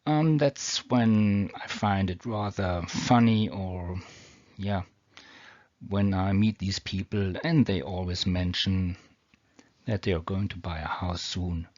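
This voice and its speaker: A man with a German accent who teaches English grammar, explaining rules slowly and reading example sentences with care. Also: sits low, fairly even intonation, darkish tone, no room sound. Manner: slow, deliberate, reads example sentences carefully. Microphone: built-in or cheap mic. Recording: dull, dry home recording.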